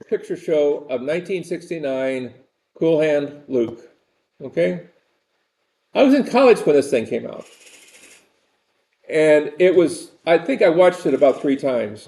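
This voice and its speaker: An older man lecturing a university class in a loose, rambling way. His voice is gravelly with a dark, mellow tone and sits a bit high. He often repeats himself as he talks. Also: expressive, normal speed. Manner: rambling, conversational, repeats phrases.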